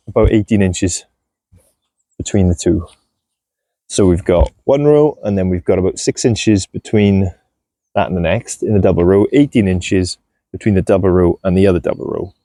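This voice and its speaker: A man chatting casually while he shows his farm and garden, relaxed and self-deprecating, with a clip-on mic. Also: sits low, a little slow, long pauses, no room sound. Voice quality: gravelly. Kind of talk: casual walk-and-talk vlog. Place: outdoors on a farm and in a polytunnel. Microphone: clip-on mic on clothing.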